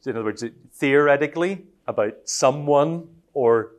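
A man's voice: on the high side, moderate pace. An Irish man teaching a Christian workshop in a conversational way, often chuckling and acting out example phrasings. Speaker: Christian trainer.

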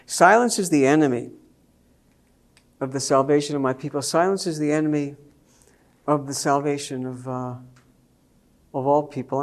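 Guy preaching, tells a story about his kid, gets loud and lively on the punchlines. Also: fairly high pitch. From Jewish believer speaking to a congregation. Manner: storytelling, animated, rising to emphatic peaks. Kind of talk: sermon with personal story.

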